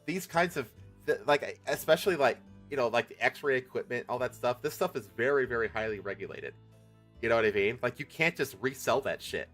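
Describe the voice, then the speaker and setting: A man's voice: medium pitch, expressive, a little fast. A man with a mid-range voice rambles through a casual reaction stream, packing his talk with fillers and swearing. Faint music sits under his voice. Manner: rambling, filler-heavy, swears and laughs loudly.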